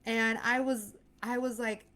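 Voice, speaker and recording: A woman's voice: fairly high pitch, level tone, measured pace, fairly bright tone. Earnest, chatty woman coaching on mindset. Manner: chatty and earnest, acts out worried inner voices. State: pregnant. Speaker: mindset coach and channel host. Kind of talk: casual motivational talk to camera.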